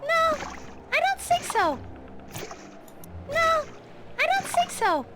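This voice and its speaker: Game dialogue: sardonic young vampire woman, high and lively, dry wit. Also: takes it slowly, heavy background noise, exaggerated voice. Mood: dismissive.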